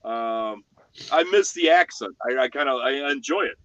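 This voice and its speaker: A man from the United States chatting on a livestream panel, excitable and often repeating himself. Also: medium pitch, normal speed, no room sound, poor audio. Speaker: panel member. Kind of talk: casual chat on a livestream panel.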